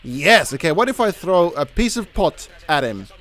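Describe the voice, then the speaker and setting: A man commentating his horror gameplay casually, jumpy and swearing, shouting at the game character. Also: on the high side, sing-song, normal speed. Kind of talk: casual let's play commentary.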